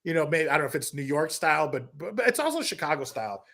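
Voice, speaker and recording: A middle-aged man, a comedian guest, telling a story in casual chat, animated, with many restarts and quoted asides. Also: on the high side, fast.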